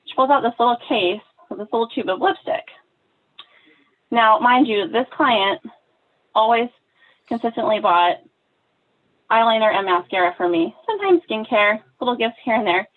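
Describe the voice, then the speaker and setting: A woman's voice: a little high, normal speed, long pauses. Woman telling a story over a tinny line. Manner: animated, acts out quoted dialogue. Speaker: podcast guest. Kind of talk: emotional personal storytelling.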